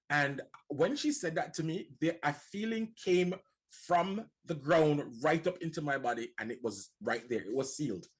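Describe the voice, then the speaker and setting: A man's voice: mid-range voice, breathy edge. A man from Jamaica with a Jamaican accent, a guest on a talk show, telling his story earnestly and often repeating words as he starts. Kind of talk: casual talk-show conversation.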